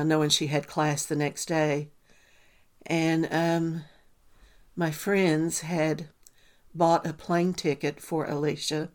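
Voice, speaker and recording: A woman, a mother telling a personal story in a halting way, with many ums and restarts. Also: deep voice. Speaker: mother recounting a family loss. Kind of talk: personal testimony.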